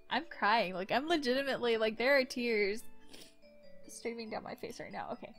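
A woman's voice: fairly high pitch, moderate pace, a bit bright, faint music behind. A young woman hosting a gaming channel, reading a visual novel aloud with open, emotional reactions.

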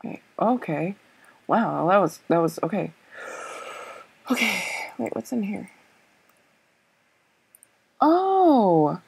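A woman talks slowly through her own puzzle-game play. Her low voice is gravelly and husky, and she thinks aloud in a hesitant, self-doubting way, full of fillers and repeated okays. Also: no room sound, rough recording. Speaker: let's play gamer. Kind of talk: thinking-aloud gameplay commentary.

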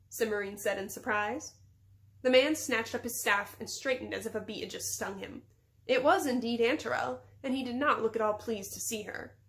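A woman teacher reading a chapter book aloud to her class in steady storybook narration. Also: a little high.

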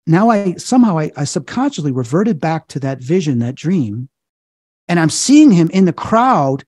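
A middle-aged man, a psychic medium, telling animated stories in an interview and acting out the quoted voices. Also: a little high, moderate pace, no echo, clean studio sound. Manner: acts out quoted voices, excited.

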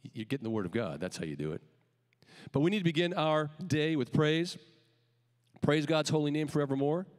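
A man's voice: a little high, animated, fairly quick, long pauses. Emphatic male pastor in a reverberant hall. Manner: emphatic preaching with rising calls and quiet dropped endings. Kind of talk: sermon. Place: church sanctuary.

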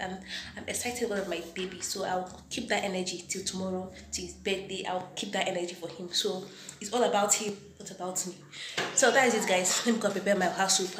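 A young Nigerian woman with a Nigerian accent chats casually to camera in a home vlog, repeating her phrases as she talks to viewers. Her voice is mid-range, and the room is echoey with slight background noise.

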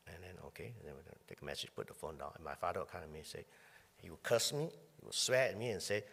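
Husky low-voiced male pastor preaching. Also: animated, fast, in a large hall. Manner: conversational, often clears throat. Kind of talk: sermon with personal storytelling. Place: church hall.

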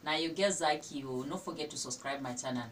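A young woman with a Nigerian accent, giving scolding, animated advice in a vlog. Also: fast talker. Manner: animated, scolding, full of exclamations. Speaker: vlogger. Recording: distant mic with faint rumble.

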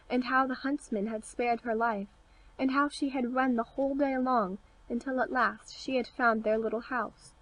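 A woman narrating a fairy tale audiobook with a clear, steady read-aloud delivery. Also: on the high side, rough recording. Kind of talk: scripted storybook narration.

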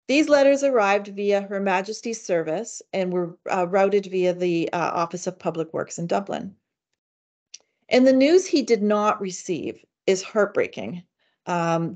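A woman giving an academic seminar paper in a measured way, with frequent fillers and restarts. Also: medium pitch, darkish tone. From Canada. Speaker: academic speaker. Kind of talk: seminar lecture reading a paper.

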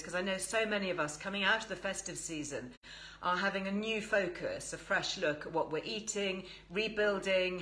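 A woman's voice: on the low side, sharp tone, rough recording. An English woman hosting a live stream, chatting enthusiastically and greeting viewers. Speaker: host.

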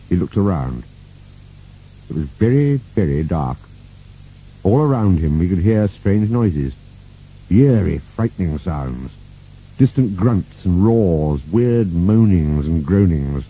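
A man narrating a children's storybook with an expressive, playful reading. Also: sits low, slow pace, slightly rough, low-quality recording.

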